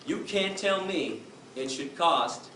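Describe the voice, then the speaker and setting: A man's voice: on the high side, lively intonation, slow pace, bright, forceful tone. A middle-aged man giving an impassioned, emphatic talk to a crowd, telling his story. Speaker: activist speaker. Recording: distant echoey room with noise.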